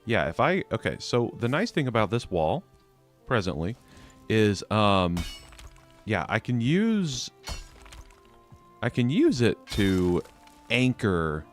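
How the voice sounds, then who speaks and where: A young man chatting his way through a live game stream, laughing and mocking his own mistakes. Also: on the low side.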